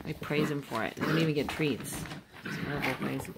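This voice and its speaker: A woman dog breeder chatting casually while filming her puppies, breaking into high sing-song praise for them. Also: fairly quick, creaky. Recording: loud puppy noise and banging board. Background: puppies playing and banging a board.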